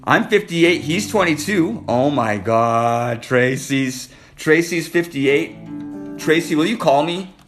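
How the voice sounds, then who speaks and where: Man live-streaming, a bit high-voiced, flirty and playful, faint guitar behind. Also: lively intonation, slow pace. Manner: flirty, playful, hyping up viewers by name. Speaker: livestream host reading viewer comments. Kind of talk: casual live-stream chat.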